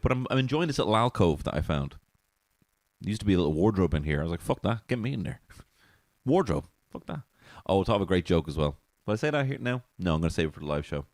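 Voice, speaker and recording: Deep-voiced rambling man. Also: no room sound, clean studio sound. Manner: rambling, swearing, laughs at own jokes. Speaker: podcast host. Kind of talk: solo comedy podcast monologue. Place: small alcove room.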